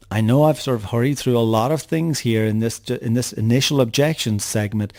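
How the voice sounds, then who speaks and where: A man's voice: mid-range voice, creaky, warm tone. A middle-aged man teaching a sales lesson in a conversational way, often repeating words as he acts out what customers say. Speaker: sales trainer. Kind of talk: coaching lesson to camera.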